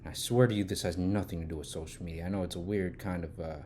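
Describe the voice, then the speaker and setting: In Los Angeles, a man vlogs a casual storytime rant in a low, quick voice with fairly even intonation and slight background noise. He grows heated and swears as he goes, getting loud when he retells the argument.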